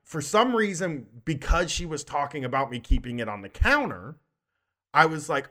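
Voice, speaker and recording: Rambling, animated man on a podcast. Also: on the high side, normal speed. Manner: rambling storyteller, swears often, laughs a lot. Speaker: podcast co-host. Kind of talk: casual comedic chat.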